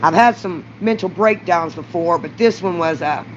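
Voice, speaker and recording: At a moderate pace and in a lowish voice, a middle-aged Southern woman from Mississippi vlogs a raw confessional to camera, rambling, blunt and swearing, occasionally getting louder. There's slight hiss or hum on the dull lo-fi recording.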